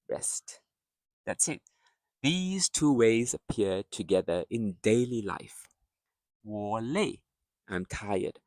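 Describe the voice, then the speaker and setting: A man teaching a beginner language lesson, speaking patiently and repeating each word clearly. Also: mid-range voice, no echo, studio quality, distant mic.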